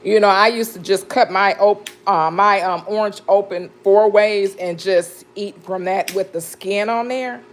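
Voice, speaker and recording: A woman's voice: mid-range voice, a little slow, few pauses. A woman chatting casually with viewers on a live stream while she cuts fruit and juices in her kitchen, greeting people by name and laughing often. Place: home kitchen.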